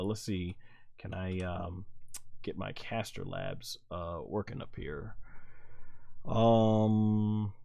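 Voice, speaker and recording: A man's voice: sits low, vocal fry, dry recording. A man hosts a live stream. He rambles with many fillers and restarts and sounds a bit flustered, talking casually to his chat. The sound is dry and close to the mic. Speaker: live stream host reviewing wrestling.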